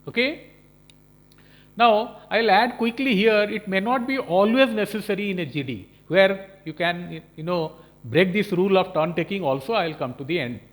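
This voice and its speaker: A man's voice: sits high, moderate pace. A man giving a recorded lecture as a professor, explaining points and checking in with frequent "okay?". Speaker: professor lecturing on management skills.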